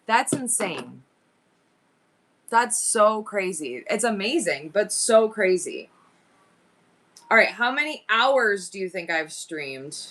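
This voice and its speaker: A woman chats casually and excitedly on a live stream, thinking aloud through her numbers and goals for her viewers. Her voice is medium-pitched and slow, with frequent pauses.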